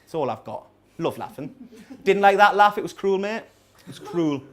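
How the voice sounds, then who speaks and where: High-voiced Geordie man doing stand-up. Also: lively intonation, normal speed. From North East England. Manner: rambling self-mocking storytelling with dry asides. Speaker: stand-up comedian. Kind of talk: stand-up comedy set. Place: small coffee house venue with a live audience.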